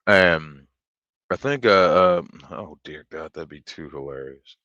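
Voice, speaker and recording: Man, streamer, deep voice, slow, profane rambling storytelling, dry sound. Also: pushed and bright, no echo, dull audio. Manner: profane, rambling, with many fillers. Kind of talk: casual storytelling chat.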